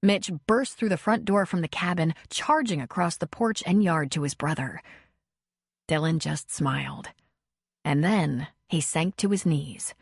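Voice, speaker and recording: A woman narrating an audiobook in a measured, even reading voice. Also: low-pitched, vocal fry, husky, dry recording, clean studio sound. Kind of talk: scripted narration.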